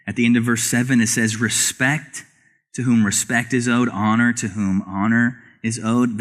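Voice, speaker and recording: A man's voice: mid-range voice, a bit bright. A male pastor preaching a sermon in a church, asking rhetorical questions of the congregation. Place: church sanctuary.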